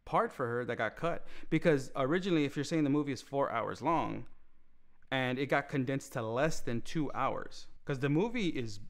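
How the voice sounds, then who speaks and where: Man, podcast co-host, casual movie chat, rambling, animated. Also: mid-range voice, normal speed. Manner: rambling, many restarts, animated.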